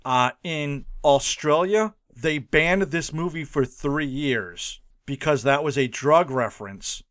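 A man's voice: a little high, slow, fairly bright tone, no room sound, clean studio sound. A man co-hosting a casual movie review podcast, rambling through the plot and laughing often. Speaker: podcast co-host.

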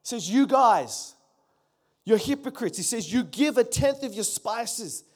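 A man's voice: extremely high pitch, lively intonation, unhurried, a little mellow. A man in his forties preaching a sermon as pastor, emphatic, repeating key phrases and calling on the congregation to respond.

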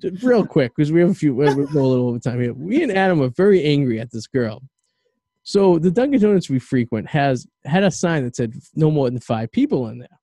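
A man's voice: on the high side, big pitch swings, brisk, dark tone, dry recording. A man hosting a podcast in casual chat, rambling and stammering through restarts. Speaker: podcast host.

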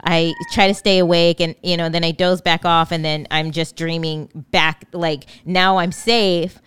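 A woman's voice: fairly low pitch, level tone, unhurried, fairly bright tone, smooth, dry recording. A woman chatting casually, retelling her dreams in a rambling way with many fillers. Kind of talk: casual conversation.

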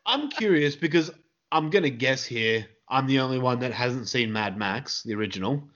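A man's voice: medium pitch, expressive, normal speed, fairly bright tone, dull audio. Laughing Australian man reading trivia. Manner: laughs often, reads out trivia in a loose, joking way. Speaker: podcast host. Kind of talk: casual podcast chat.

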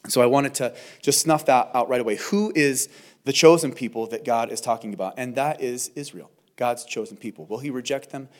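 A man's voice: mid-range voice, fairly quick. A man preaching as a pastor in a verse-by-verse sermon, talking in a conversational, earnest way with restarts. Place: church service.

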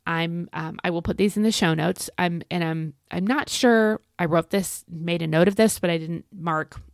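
A woman's voice: fairly low pitch, normal speed, dry recording, studio quality. A woman hosting a casual devotional podcast from home, chatty and folksy, repeating phrases for emphasis. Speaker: podcast host and Bible teacher. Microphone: home recording.

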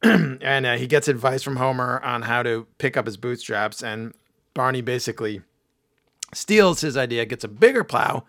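A man with a hoarse, failing voice, casually recapping a cartoon episode with laughs and restarts. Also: medium pitch, moderate pace, a bit bright, no echo, studio quality. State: hoarse, losing his voice. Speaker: podcast host. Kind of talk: casual chat.

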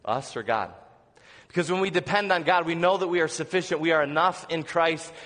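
An earnest male pastor preaches to his congregation in a slightly high voice, often asking them questions and dropping to soft, low lines. His sermon carries the long reverb of a church sanctuary. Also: brisk.

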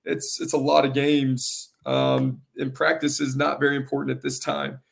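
A man, a high school soccer coach in a casual interview, with a gravelly, carrying voice and an earnest, halting way of repeating words. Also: level tone.

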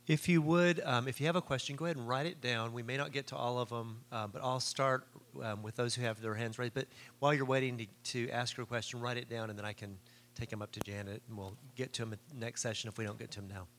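A man's voice: medium pitch, fairly even intonation, a bit bright, slight background noise. A man moderating a session, explaining practically how questions will be handled. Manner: brisk practical announcing with fillers.

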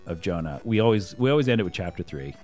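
A man's voice: sits low, expressive, fast, a little mellow, soft background music. A man, a parent and podcast co-host, chatting casually and thoughtfully about Bible stories, rambling with fillers and restarts.

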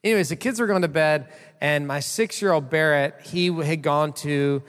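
A man's voice: fairly high pitch, normal speed, a bit bright. A man in his thirties preaching a sermon as pastor, telling a story in a casual, conversational way with many fillers. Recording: long hall reverb.

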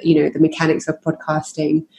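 Woman podcast host on a video call, low mellow voice, relaxed, lots of ums. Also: a little fast. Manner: relaxed, many fillers, laughs easily. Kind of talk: casual interview chat.

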